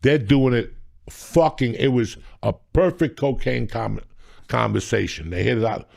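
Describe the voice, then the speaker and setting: A man's voice: medium pitch, unhurried, vocal fry, a little mellow, no room sound, clean studio sound. A middle-aged man, a comedian hosting a podcast, telling raw and profane stories in casual chat.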